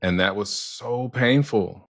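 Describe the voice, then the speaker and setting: A man speaking gently and reflectively, sharing his own past in a measured way. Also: on the low side, no echo. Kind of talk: empathetic conversation.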